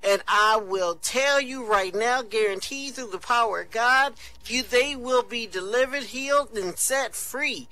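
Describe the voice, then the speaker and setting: Man playing a radio faith healer, high-pitched, shouting, preachy, bright. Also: unhurried, few pauses, heavily acted, low-quality recording. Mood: fervent. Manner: preachy, rising sermon cadence. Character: booming male radio evangelist, boastful faith healer.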